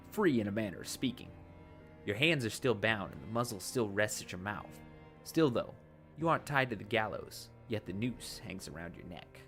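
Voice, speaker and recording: Reading a text adventure game out loud, a man with a lowish, fairly bright voice adopts a put-on accent for the dramatic narration. Every so often he drops it to chat casually with his viewers.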